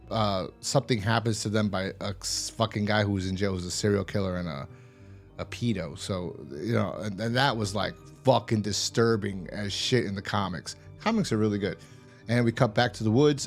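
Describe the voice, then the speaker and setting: A man recapping and reviewing a TV episode in a casual, rambling way, swearing often and acting out quoted lines. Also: on the low side. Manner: rambling, profane, retells scenes with quoted lines. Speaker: show reviewer.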